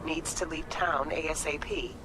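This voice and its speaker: A woman's voice: low-pitched, steady tone, normal speed, close to an everyday voice. A woman voicing a clipped, no-nonsense female fixer in video game dialogue, in noisy game audio. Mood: businesslike. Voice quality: clipped, matter-of-fact.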